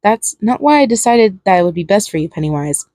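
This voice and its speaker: A woman's voice: medium pitch, expressive, a little fast, mellow, dry recording, studio quality, lightly acted. A woman voicing a frightened young partner in a fan fiction reading, stammering and pleading. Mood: anxious, pleading.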